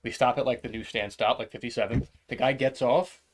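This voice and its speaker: A man chats on a podcast. He tells a story at an easy mid pitch, laughs often and slips into quick impressions of the people in it. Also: slight background noise. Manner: animated storyteller, acts out quotes, laughs often. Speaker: podcast co-host. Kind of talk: casual chat, storytelling.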